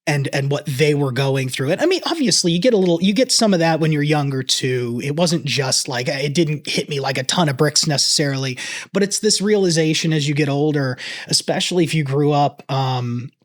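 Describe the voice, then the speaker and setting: A man in his thirties speaking in a slightly raised voice, choked up as he reacts. He talks earnestly and reflectively, stopping and restarting in halting bursts of casual commentary. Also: a little high, lively intonation. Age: 30s. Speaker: reaction video host.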